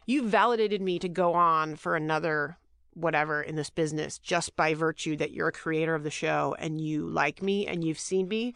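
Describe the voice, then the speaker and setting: A middle-aged woman talks casually as a podcast guest, rambling and often breaking off to restart her thought. Her voice is smooth and clear, and it is recorded dry, close to the mic. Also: sits low, fairly even intonation, normal speed, a bit bright, no echo. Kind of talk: casual chat.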